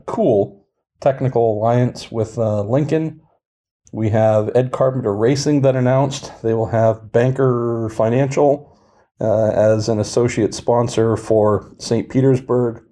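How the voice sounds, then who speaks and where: 40s guy hosting a podcast, mellow warm voice, dry jokey news rundown. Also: medium pitch, steady tone, measured pace. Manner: dry, wry delivery of news with mock hype. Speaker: podcast host. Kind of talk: casual podcast chat.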